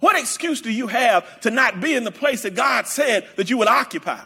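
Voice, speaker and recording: Male preacher, sermon, emphatic, repetitive, shouting bursts, very high voice, lively pitch. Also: brisk, vocal fry, slightly rough.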